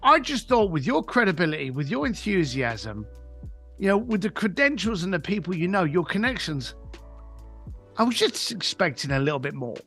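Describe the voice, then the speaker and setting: A man voicing a calm, older mentor who lets a friend down gently and measuredly. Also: high-pitched, moderate pace, slightly rough, faint music behind, full character voice. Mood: gentle letdown.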